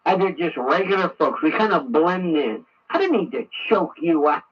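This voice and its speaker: A man's voice: on the high side, big pitch swings, moderate pace, breathy edge. A man giving a sarcastic, ranting talk radio monologue. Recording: muffled radio broadcast, distant.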